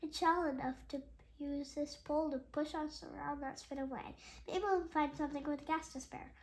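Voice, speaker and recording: A woman's voice: high-pitched, fairly even intonation, moderate pace. A woman reading the lines of a playful, jokey father in a children's story. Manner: jokey and theatrical. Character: cheerful playful storybook dad.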